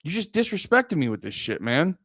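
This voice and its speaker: A man's voice: on the high side, very animated, fairly quick, a bit bright, dry recording, studio quality. A man from Pennsylvania, a comedian hosting a livestream, talking to his chat in a profane, rambling, heated way. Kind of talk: casual livestream talk to chat.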